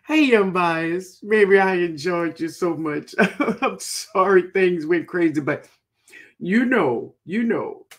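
A woman hosts a casual gardening live stream. She talks slowly with a gravelly, husky edge and a voice that rises and falls a lot, greeting viewers one by one. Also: on the low side. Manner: greets chat viewers by name, chatty and laughing.

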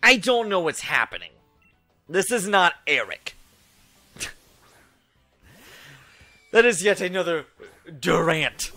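A man casually commenting on a game he is playing, joking at his own expense in a bright, lively voice. He is recorded dry on a close mic, with faint music playing underneath. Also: high-pitched, slow pace, long pauses. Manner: laid-back and jokey, laughs at himself. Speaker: let's play host.

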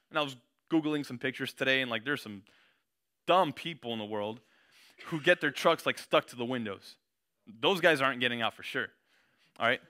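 A man's voice: on the high side, lively intonation, a little fast, sharp tone. A young man giving a casual sermon, slangy and conversational, reading scripture with rising intensity.

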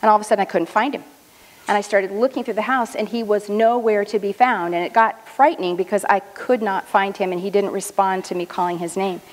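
A middle-aged woman speaks at a luncheon in a mid-range voice, measured and earnest as she tells a personal story. Her words ring out with a long reverb from a large hall. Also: mid-range voice, fairly even intonation.

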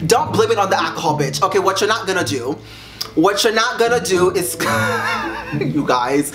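A young man reading viewer secrets aloud on his vlog, sassy and dramatic, jumping up high in pitch to make a point. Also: expressive, moderate pace. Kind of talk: casual vlog reaction. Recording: echoey room with music behind.

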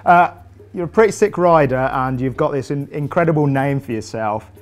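British male host, light playful interviewer, voice sits on the high side. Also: expressive, a little fast, soft background music. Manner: teasing, playful banter. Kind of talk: jokey casual interview.

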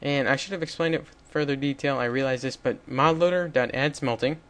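A young man's medium-pitched, slightly bright voice moves a little fast as he hosts a casual screen-recorded coding tutorial. He's chatty and rambling, laughing lightly and correcting himself as he goes.

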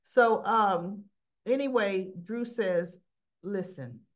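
A woman's voice: medium pitch, normal speed, muffled recording. A woman in a casual chat, recapping a soap opera episode and retelling scenes by quoting the characters.

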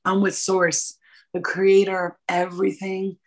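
A woman in her thirties, a podcast guest and energy coach, talking about spirituality in an animated, preachy and profane way. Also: medium pitch, unhurried. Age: 30s. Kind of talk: casual spiritual podcast talk.

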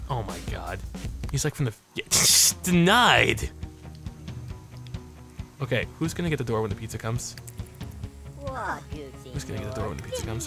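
A man hosting a let's play video, excitable and joking, swearing freely and jumping between muttering and yelping. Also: mid-range voice, moderate pace, pauses often. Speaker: gaming channel host. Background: game music.

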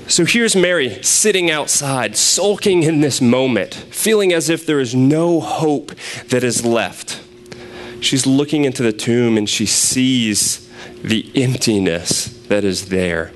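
A man's voice: mid-range voice, slow pace, slight background noise. Conversational man preaching a sermon. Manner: conversational, animated storytelling with restarts.

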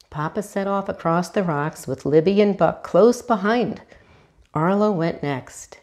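A woman volunteer reading a children's storybook aloud, animated and asking her young listeners questions. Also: on the low side, measured pace. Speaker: hospital volunteer reader.

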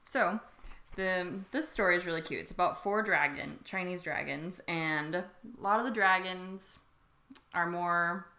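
A woman's voice: fairly low pitch, unhurried, pushed and bright. A young woman co-hosting a podcast, retelling a story in casual, bubbly chat and slipping into playful voices. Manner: bubbly, giggly, acts out voices in her retelling. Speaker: podcast co-host. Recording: echoey room.

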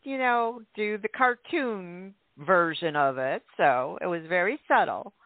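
A woman's voice: on the low side, animated, measured pace, no room sound. A playful woman from Chicago co-hosts a casual radio show, teasing her partner and laughing between lines. The sound is thin and phone-like, and dry. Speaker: radio co-host. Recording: tinny dry phone line.

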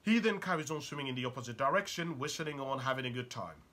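A man's voice: medium pitch, expressive, quick pace, sharp tone. A man giving a motivational talk. He speaks urgently and keeps asking the listener probing rhetorical questions.

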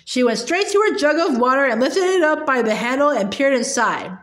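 Woman reading a kids story aloud, highish voice, roomy echo. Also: lively intonation, fairly quick. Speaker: reader. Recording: echoey room.

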